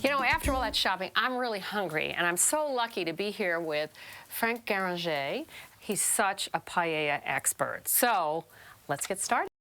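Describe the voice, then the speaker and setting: A woman's voice: medium pitch, expressive, normal speed, pushed and bright, faint music behind. A woman hosting a cooking show, upbeat and chatty, explaining cooking terms to viewers.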